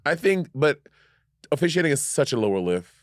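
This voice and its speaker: A man's voice: on the high side, big pitch swings, brisk, no echo. Guy cohosting a podcast, keeps laughing, rambly and playful, dry close sound. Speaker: podcast co-host. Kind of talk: casual chat.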